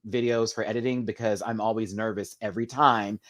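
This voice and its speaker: A man hosting a live chat, talking casually and gossipily to viewers, calling them "girl" and "y'all", with big sudden swings in pitch and loudness. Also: fairly even intonation, fairly quick. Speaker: livestream host.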